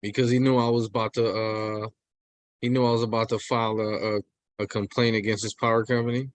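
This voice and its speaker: A man's voice: lowish voice, little pitch movement, fairly quick. A man joining a livestream as a guest, casual and a bit hesitant, searching for words. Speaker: guest on the stream. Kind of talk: casual chat.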